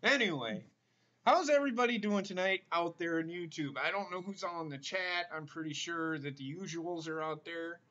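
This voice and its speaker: A man's voice: on the high side, normal speed, few pauses, fairly bright tone. A man hosting a casual livestream chat, bantering and swearing freely with his guests over a video call. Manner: profane, joking banter. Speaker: livestream host. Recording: muffled video call audio with faint hiss.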